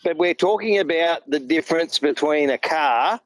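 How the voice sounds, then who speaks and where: A man's voice: a little high, normal speed, crowd noise, poor audio. A middle-aged Australian man, a truck driver guest, talking emphatically and earnestly in a casual chat.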